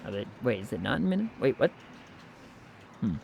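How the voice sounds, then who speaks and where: A man's voice: mid-range voice, big pitch swings, quick pace, creaky, long pauses, darkish tone, slight background noise. A man streaming a video game, chatting casually in a playful, jokey way. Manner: playful and jokey, slips into silly voices. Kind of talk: casual gameplay commentary.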